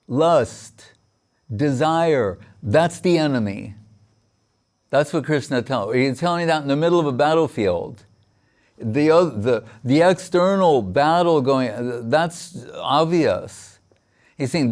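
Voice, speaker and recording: A man, a spiritual teacher, giving a sermon on scripture in a halting way, reciting verses and restarting often. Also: mid-range voice, animated, darkish tone.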